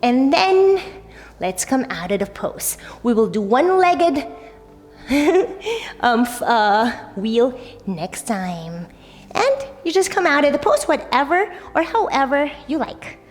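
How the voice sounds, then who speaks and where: Young woman yoga teacher, chatty and upbeat, kinda high voice, reverby room with soft music behind. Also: sing-song, takes it slowly. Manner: casual, upbeat, frequent "like" and "right?". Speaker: yoga instructor. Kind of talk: guided yoga class instruction. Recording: long reverb, faint music.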